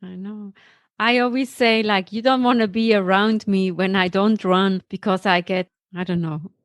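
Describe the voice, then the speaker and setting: A woman's voice: mid-range voice, fairly even intonation, normal speed, no echo. A woman hosting a podcast, talking in an upbeat, motivational way and interviewing a guest. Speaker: podcast host. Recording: loud guitar music behind.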